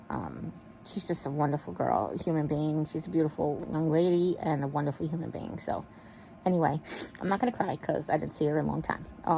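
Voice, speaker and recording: Casual woman vlogger, lower voice, rambling and warm toward her viewers, recorded in bed on an earbud mic. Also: slight background noise. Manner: chatty, rambling, affectionate. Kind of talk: casual chat to camera. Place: bedroom, in bed. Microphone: wireless earbud mic.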